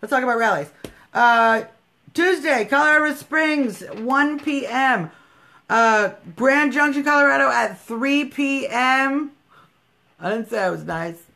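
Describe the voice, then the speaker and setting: A woman's voice: high voice, measured pace, vocal fry, bright, forceful tone. A woman hosting a political livestream, talking bluntly and emphatically, scolding her viewers and swearing freely. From United States. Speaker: livestream host.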